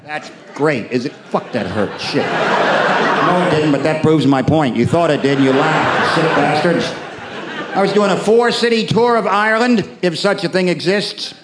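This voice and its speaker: American comic ranting and swearing on stage, echoey theatre, loud crowd noise behind. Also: male voice, on the high side, a little slow. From United States. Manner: sardonic, profane, mock-ranting. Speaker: stand-up comedian. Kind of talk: live stand-up set. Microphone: stage microphone.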